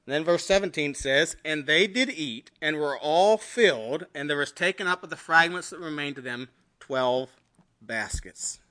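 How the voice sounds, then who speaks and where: A male pastor preaching a sermon, reading scripture aloud and swinging between emphatic rises and quiet, dropped endings. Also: on the high side, expressive, normal speed. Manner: preaching with scripture readings in King James wording.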